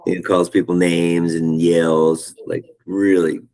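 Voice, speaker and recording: A middle-aged man leading a casual spiritual study group over a video call, talking in an animated, rambling way and searching for words. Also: sits low, slow pace, poor audio.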